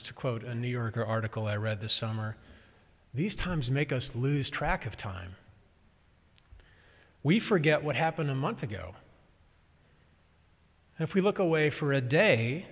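A man preaching a sermon as a minister, gentle and reflective with touches of humor. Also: on the high side, long reverb tail.

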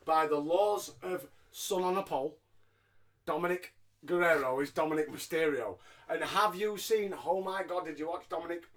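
A man's voice: on the high side, normal speed, fairly bright tone. A man co-hosting a podcast, recapping wrestling in a sarcastic, jokey, swearing way. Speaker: podcast co-host. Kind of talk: casual wrestling recap chat.

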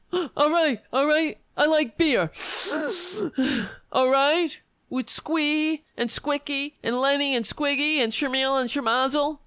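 A woman's voice: high-pitched, slow, fairly bright tone, no room sound, clean studio sound, pitched above the performer's own voice. A woman voicing a blubbering, beer-loving middle-aged male judge who whines and blusters between sobs. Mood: blustering. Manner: whiny, sobbing, blustering.

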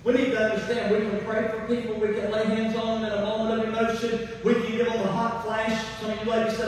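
A man preaching a sermon, animated and emphatic, talking directly to the congregation. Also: high voice, fast, few pauses, a little hiss or hum. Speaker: pastor. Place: large church sanctuary. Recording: echoey hall from far off.

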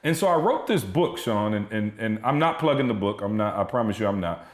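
A man in his thirties, a motivational speaker, telling stories as a podcast guest in an animated, emphatic way. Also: on the low side, brisk, roomy sound. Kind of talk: energetic storytelling.

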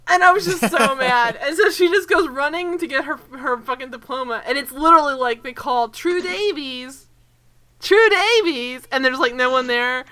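High bright ranting woman. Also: moderate pace, few pauses. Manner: animated, ranting, swears a lot, laughs often. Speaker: podcast co-host. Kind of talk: casual chat.

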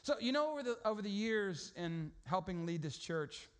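Man, pastor, high voice, conversational sermon, storytelling, lots of restarts. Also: big pitch swings, normal speed, clean tone.

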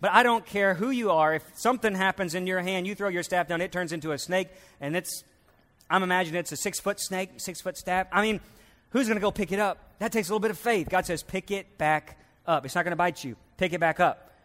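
A man's voice: high-pitched, a little fast, fairly bright tone, big-room sound. A man preaching a sermon as a pastor, telling stories and acting out the voices in them.

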